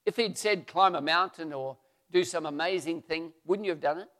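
A man's voice: on the high side, moderate pace, in a large hall. A man voicing soldiers urging their stubborn general, in a retold Bible story. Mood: coaxing. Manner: urging, rising and loud.

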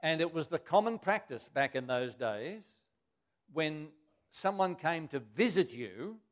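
A man with a fairly high voice preaching a sermon. He reads scripture aloud, then stops to explain it in plain, everyday words.

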